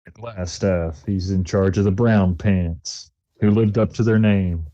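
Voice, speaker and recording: A joking, loose man chatting as a player in a tabletop game over a voice call. His tone is mellow and dark. The call sound is dull and dry. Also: deep voice, fairly even intonation, measured pace, no echo. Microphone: online voice call.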